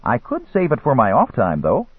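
A man's voice: medium pitch, huge pitch swings, moderate pace, breathy edge, no room sound, pitched above the performer's own voice. A man voicing a huge, insolent male eunuch guard who talks in a teasing sing-song, on a dry, phone-like recording. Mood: sly. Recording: dry, phone-like narrow sound.

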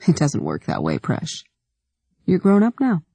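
A woman reading aloud, voicing a calm, kindly older father figure in a soft, understated way. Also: lowish voice, a little slow, gravelly, slightly rough, dry recording, exaggerated voice. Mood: gentle.

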